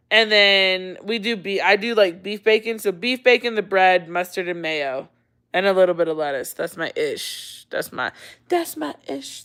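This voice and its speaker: A woman in her thirties chats on a relaxed livestream in an unhurried way. Her voice is bright and smooth, and she laughs easily as she reads and answers viewer comments. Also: medium pitch. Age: 30s. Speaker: livestream host. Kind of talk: casual livestream chat.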